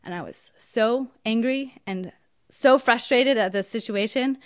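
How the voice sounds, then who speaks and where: A woman's voice: on the high side, a little slow, dry recording. Young woman storyteller, indignant and emphatic, dry close sound. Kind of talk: personal storytelling.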